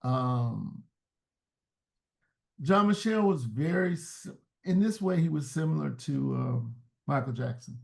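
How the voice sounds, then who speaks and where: As an interview guest, a man talks in a reflective, searching way, often restarting words mid-thought in casual conversation. His medium-pitched voice is animated, slow, and creaky.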